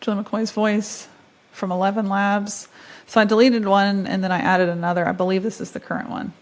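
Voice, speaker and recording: A woman's voice: mid-range voice, level tone, normal speed. A woman in her thirties hosting a casual screen-share tutorial, chatty and upbeat, thinking aloud as she clicks through steps. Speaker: tutorial host.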